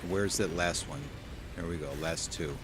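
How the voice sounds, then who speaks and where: A young man live-streaming a game, chatting with viewers and reading chat aloud, easily excited. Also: sits low, moderate pace, background noise.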